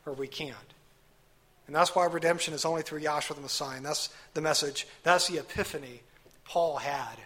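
A male pastor delivers a sermon in a bright, forceful, somewhat high voice. He preaches emphatically, pressing points with rhetorical questions and leaning hard on key words. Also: normal speed.

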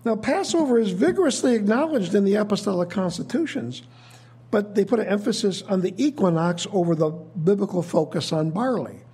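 Male preacher, husky and high-pitched, measured teaching sermon. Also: expressive, warm tone. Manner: measured, thoughtful teaching with frequent restarts.

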